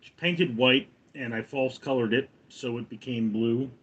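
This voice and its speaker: A man's voice: medium pitch, a little slow, fairly bright tone, slightly rough, lo-fi sound. A slightly tipsy man hosting a casual livestream, rambling and joking as he answers viewers' chat one by one. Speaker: livestream host reading chat.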